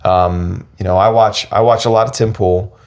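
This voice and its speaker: A man with a very low, deep voice co-hosts a casual podcast chat. He rambles and restarts his sentences as he thinks aloud. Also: steady tone, moderate pace, darkish tone. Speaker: podcast co-host.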